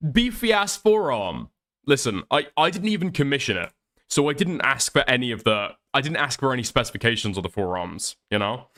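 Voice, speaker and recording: With a mid-range voice that's expressive, brisk, pushed, and bright, an Irish man streams live while down with the flu. He reads chat and rants, swearing constantly and laughing a lot.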